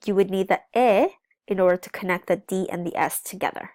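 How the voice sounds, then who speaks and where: Woman teacher, patient step-by-step explainer, mid-pitched voice, dry close recording. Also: a little fast, a little mellow, no room sound. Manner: explains step by step, checks in with "okay?"; switches between English and Spanish. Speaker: Spanish teacher. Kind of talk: recorded classroom lesson.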